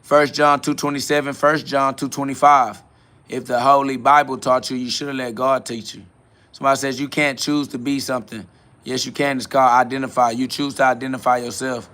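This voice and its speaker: A man hosting a live stream fields chat questions in a blunt, preachy way, using casual slang and quoting Bible verses. His voice is medium-pitched and fairly bright, level in tone, and a little fast.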